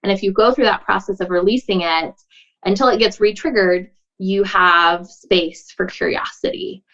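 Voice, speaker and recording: A woman talks through advice in an earnest, chatty way, with plenty of likes and you knows. She slips into quick acted-out snippets of dialogue. The recording sounds a little dull and lo-fi. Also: mid-range voice, fairly bright tone. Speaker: podcast guest, boundaries coach. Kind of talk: casual conversational advice.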